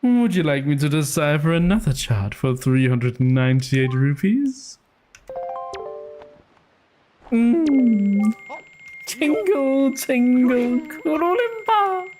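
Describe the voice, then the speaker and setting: Tingle, a shrill, sing-song fairy-obsessed oddball. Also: male voice, sing-song, slow pace, a little mellow, heavily acted. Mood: preposterous. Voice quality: high, sing-song and preposterous. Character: eccentric grown man in fairy costume, giddy and greedy. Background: game music.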